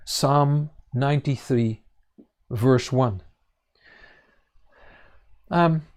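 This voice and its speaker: Guy giving a bible teaching, slow and halting, dark mellow voice. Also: medium pitch. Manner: halting, many fillers and restarts. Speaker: congregation teacher.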